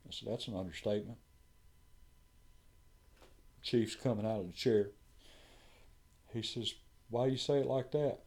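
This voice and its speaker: A man's voice: lowish voice, a little slow, long pauses, a little mellow. A man, a firefighter telling a story in casual conversation and acting out what others said.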